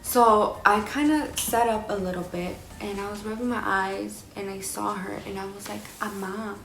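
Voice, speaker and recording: A woman's voice: medium pitch, normal speed, creaky, background noise. Young woman telling a story, echoey room. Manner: animated, swears freely, slangy. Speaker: vlogger. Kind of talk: casual storytelling to camera.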